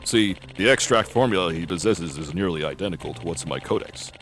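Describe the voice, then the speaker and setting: A man doing a low, grave professor. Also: a bit bright, faint music behind. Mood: explaining. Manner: low, measured and formal. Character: grave middle-aged male folklore professor.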